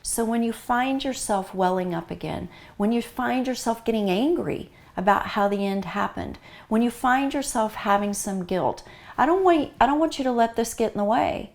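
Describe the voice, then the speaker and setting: A woman's voice: fairly high pitch, expressive, moderate pace, creaky. A middle-aged woman with a North American accent gives an earnest, heartfelt talk to grieving pet owners, urging them again and again. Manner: earnest, repetitive, warmly urging. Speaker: pet loss grief speaker.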